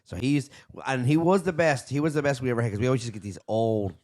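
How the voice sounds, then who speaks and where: A man's voice: mid-range voice, quick pace. A middle-aged man with a Newfoundland accent telling a story in casual chat, swearing often and restarting his sentences. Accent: Newfoundland English. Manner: profane, animated, rambling with many restarts. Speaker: podcast guest.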